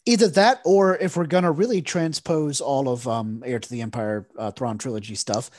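A man co-hosting a podcast, talking in a rambling, animated way with many fillers. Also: mid-range voice, moderate pace, dry recording, clean studio sound. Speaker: podcast co-host. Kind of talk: casual chat.

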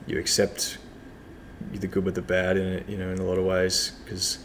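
A deep, monotone man speaks in a relaxed, rambling way, full of "you know" and "um". He sounds like a club cricketer chatting in an interview. Faint background noise sits under the voice. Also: normal speed. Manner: relaxed, rambling with many fillers. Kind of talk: casual interview chat.

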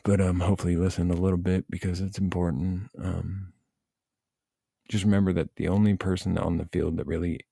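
A man's voice: sits low, creaky, breathy edge, dry recording, studio quality. A man giving blunt, profane coaching advice in a casual rant, speaking as a youth baseball coach and parent. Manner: blunt, profane, animated venting.

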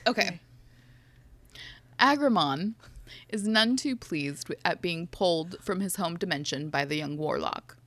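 A woman's voice: on the low side, expressive, measured pace, long pauses, a bit bright. Giggly young woman reading a recap. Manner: giggly, swears casually. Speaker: podcast host. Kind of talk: casual chat, reading a book recap.

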